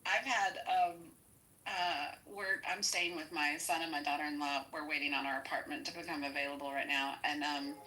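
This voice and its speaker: A woman's voice: low-pitched, moderate pace, rough recording. A middle-aged woman with grown children, chatting casually and laughing often. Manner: giggly, expressive, laughs often. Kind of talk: casual chat.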